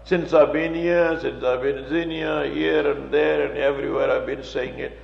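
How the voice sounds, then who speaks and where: A man's voice: steady tone, moderate pace, gravelly. Older man preaching in an echoey hall. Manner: preaching, rising loud and high when quoting scripture. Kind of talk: sermon. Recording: echoey hall, dull lo-fi sound.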